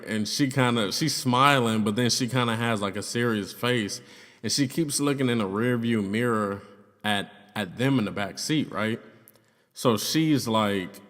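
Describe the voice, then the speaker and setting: A young man tells a personal story in a loose, slangy way, swearing and filling gaps with "like" and "you know". His voice sits at an ordinary middle pitch. A long reverb trails behind every phrase, as if he were recording in a big, bare room. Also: measured pace, fairly bright tone. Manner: loose, slangy and profane, with frequent fillers. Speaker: YouTuber telling a personal story. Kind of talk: casual storytelling.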